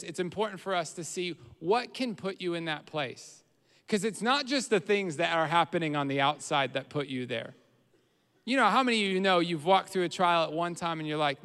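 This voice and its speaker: A man preaching a sermon, earnest, getting louder when he voices a troubled prayer. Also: a little high, clear, resonant tone. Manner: earnest preaching, rises in volume on quoted prayers. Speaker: pastor. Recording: roomy hall reverb.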